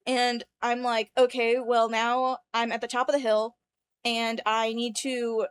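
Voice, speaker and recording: A woman with a high voice tells a rambling dream story in a casual podcast chat. She acts out the voices of the people in her dream. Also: unhurried, clear, resonant tone. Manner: animated storyteller acting out quoted voices. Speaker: podcast co-host.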